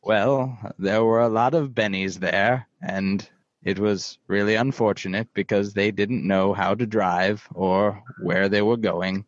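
A man puts on the voice of a calm older gentleman, dropping his pitch and speaking in an unhurried, measured way. The sound is muffled and dry. It feels like a podcast impression bit. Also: no room sound, lightly acted. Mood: mellow.

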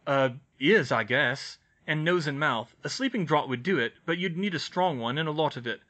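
A man's voice: on the high side, expressive, normal speed, bright, forceful tone, pitched above the performer's own voice. A man voicing an easygoing teenage boy wizard in an audiobook reading, casual and offhand. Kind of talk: audiobook reading of fan fiction.

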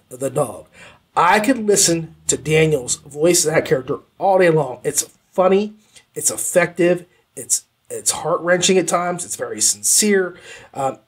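A man's voice: a little high, husky. A man hosting a podcast, giving a casual spoken review of an audiobook, enthusiastic and rambling, often repeating words for emphasis. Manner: rambling, conversational asides.

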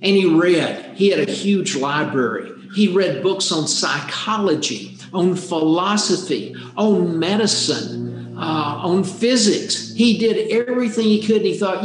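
A man's voice: high-pitched, expressive, a little slow, slight background noise. A man telling a true life story in an earnest way, often repeating words for emphasis. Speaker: speaker on happiness. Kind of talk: storytelling talk. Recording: roomy echo.

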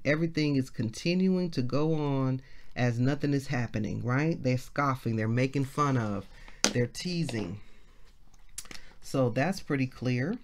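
A woman minister gives an informal devotional Bible lesson in a chatty, everyday way. She reads the scripture slowly and circles back over its key phrases to explain them. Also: a bass voice. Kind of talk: casual devotional Bible teaching.

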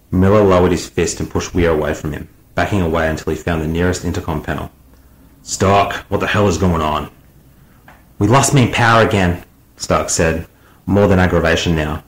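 A man narrating an audiobook in a measured, unhurried reading. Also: deep voice, roomy sound, rough recording.

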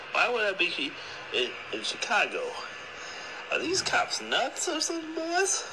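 A man voicing a cocky male gangster in a prank phone message, taunting in a high, strained voice. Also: noisy background. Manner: high strained taunting, calls everyone boy. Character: cocky male gangster, pickle-gun braggart.

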